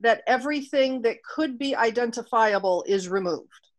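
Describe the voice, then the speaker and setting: Woman guest, kinda high voice, stops and starts a lot while thinking. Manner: thoughtful, halting, searches for words. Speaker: guest author. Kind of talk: casual interview chat.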